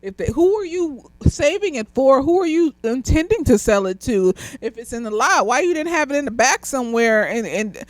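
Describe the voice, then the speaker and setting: A young woman with a high voice gives a loose, slightly tipsy movie review, rambling and swearing as she goes. She laughs often and keeps drifting off on tangents. The sound is close and dry, with no room echo. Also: sing-song, normal speed, hardly any pauses. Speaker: therapist reviewing films.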